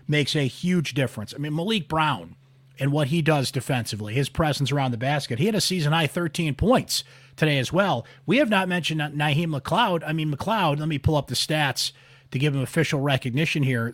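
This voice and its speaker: A man's voice: fairly high pitch, fairly bright tone, no echo. A man hosting a casual postgame sports show, upbeat, reading listener texts and speaking straight to the audience. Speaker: sports podcast host.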